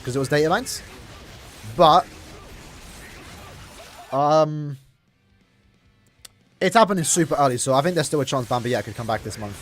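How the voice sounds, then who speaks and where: A man's voice: fairly high pitch, normal speed, pauses often, fairly bright tone, soft background music. A young man casually chatting to his viewers while playing a mobile game, rambling and restarting his sentences. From Ireland. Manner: rambling, restarts often, talks to chat. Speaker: streamer. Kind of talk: casual gaming livestream chat.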